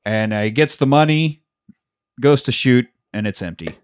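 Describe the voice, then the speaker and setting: A man's voice: medium pitch, expressive, normal speed, clean tone. A male podcast co-host in casual chat, with an ordinary mid-range voice. He recaps scenes loosely, swears a lot, laughs often, and acts out bits of dialogue.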